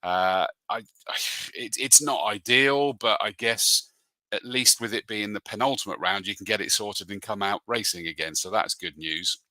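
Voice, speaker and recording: A man's voice: fairly low pitch, moderate pace, sharp tone, no room sound. A man and motorsport commentator hosting a live show, chatting casually and reading out viewer comments in a matey way. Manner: chatty and matey, calls people mate.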